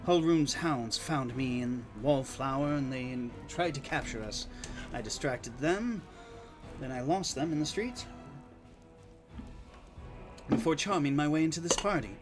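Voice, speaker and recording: A man's voice: medium pitch, measured pace, pauses often, music in the background, close to an everyday voice. A man voicing a young, earnest female traveling bard in a game playthrough, reading her lines in his own voice.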